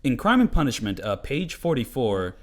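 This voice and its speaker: A man's voice: mid-range voice, big pitch swings, moderate pace. A young man talking loosely over gameplay as a commentator, rambling and swearing, with many filler words. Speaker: gaming commentator. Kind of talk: casual game commentary.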